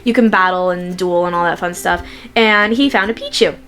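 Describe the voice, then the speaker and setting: A young woman vlogger chatting casually to camera, telling stories and quoting people in lively voices. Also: fairly low pitch, normal speed, faint music behind.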